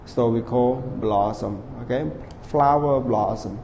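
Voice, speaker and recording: A man teaching an online English class, with a mellow, gravelly voice and a long, lingering reverb trailing each phrase over a faint hiss. He spells words out letter by letter, slowly repeats vocabulary, and keeps checking in with "everyone" while referring to himself as teacher. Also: mid-range voice.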